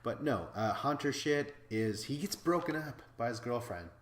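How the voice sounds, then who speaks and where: A man from Wisconsin hosting a podcast, recapping episodes in a casual, excitable way, swearing freely and laughing as he talks. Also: mid-range voice, normal speed, reverberant. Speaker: podcast host.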